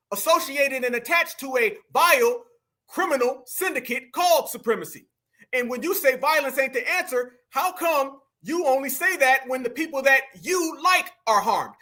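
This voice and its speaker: A man's voice: very high-pitched, pushed and bright. A man hosting reaction commentary, preachy and mocking, repeating points and firing rhetorical questions. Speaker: commentary host.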